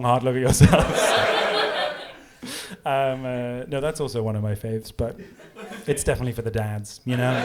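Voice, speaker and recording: A man doing a rambling stand-up comedy set, animated and giggling at his own jokes. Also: medium pitch, very noisy. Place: pub comedy room with live audience. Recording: live audience laughter and applause.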